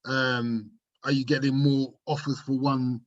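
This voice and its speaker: Relaxed podcast host, muffled sound. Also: medium pitch, a little slow. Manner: relaxed, asks questions, laughs along. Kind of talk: casual podcast interview.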